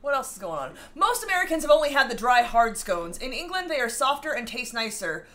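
A woman with a bright, forceful, fairly high voice co-hosts a casual baking livestream. She reads out viewer comments and teases them with frequent giggles. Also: big pitch swings, fairly quick. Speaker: cooking show co-host.

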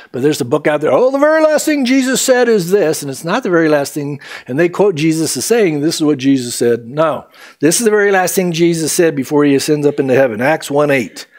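Animated male preacher acting out quotes. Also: a little high. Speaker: pastor. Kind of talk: sermon.

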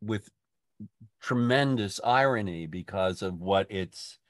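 An older man leading a poetry discussion group, talking in a halting way with many restarts and fillers. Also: fairly low pitch, no echo, studio quality. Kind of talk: casual literary discussion.

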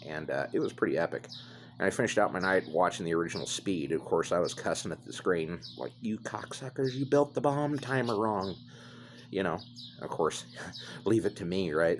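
A man hosting a casual storytelling rant, crude and rambling, with deadpan humor and high put-on voices when he quotes people. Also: slight background noise. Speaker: host. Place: indoors in his chair, smoking.

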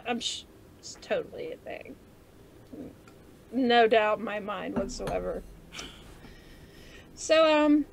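A woman's voice: fairly high pitch, gravelly. A woman co-hosting a casual podcast chat, candid and self-mocking, laughing often as she talks. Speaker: podcast co-host.

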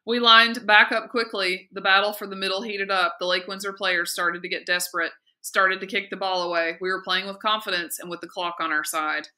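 A woman teacher reading a novel aloud in a steady, lively and expressive way. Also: mid-range voice, brisk, hardly any pauses. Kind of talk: read-aloud narration of a novel.

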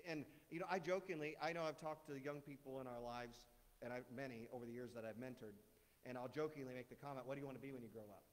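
A middle-aged man giving a sermon in a casual, joking way, firing off rhetorical questions at the congregation. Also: medium pitch. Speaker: guest speaker. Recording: long hall reverb.

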